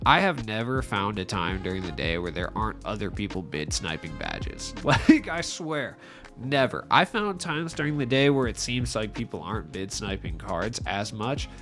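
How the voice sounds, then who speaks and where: Stuffy-nosed young man, lively voice. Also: fairly low pitch, normal speed, faint music behind. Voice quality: nasal. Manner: rambling and self-mocking, with frequent likes. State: stuffy nose from allergies. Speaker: gaming YouTuber. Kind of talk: casual gaming commentary. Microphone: voice-over without face cam.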